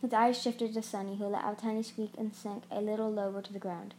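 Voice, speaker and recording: A woman's voice: mid-range voice, flat delivery, quick pace, a little mellow, slight background noise. A woman narrating a fantasy novel aloud as an audiobook reader, often stumbling and restarting words.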